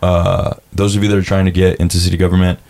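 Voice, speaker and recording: Deep-voiced casual young man. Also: level tone, fast, a little mellow. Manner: laid-back storyteller, says dude a lot, swears, acts out quotes. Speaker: podcast guest. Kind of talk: casual chat.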